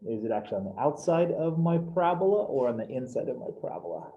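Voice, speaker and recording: A fast-talking man with a medium-pitched, sing-song voice leads a live algebra class by video call, explaining steps upbeat and casually with some slang. The highs are cut off, and the room sounds echoey with faint noise.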